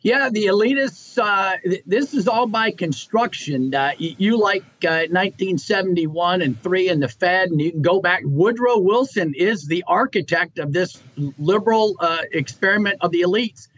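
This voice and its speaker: A man's voice: high-pitched, moderate pace, fairly bright tone, muffled recording. A man commentating on politics, explaining figures in an explanatory way with many hesitations. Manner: explanatory, with frequent "uh" fillers. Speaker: guest commentator.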